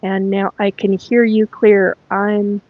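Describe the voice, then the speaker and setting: A woman hosting a casual spiritual livestream, talking in a halting, rambling way with many fillers and asides to viewers, her voice a little cracked. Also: flat delivery. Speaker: livestream host. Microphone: earphone mic plugged in. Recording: dull lo-fi livestream audio with faint rumble.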